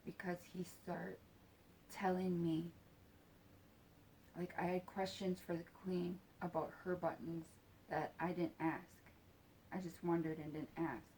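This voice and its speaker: A woman telling a personal story in a halting, soft-spoken way, with casual swearing. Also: lowish voice, flat delivery, a little hiss or hum.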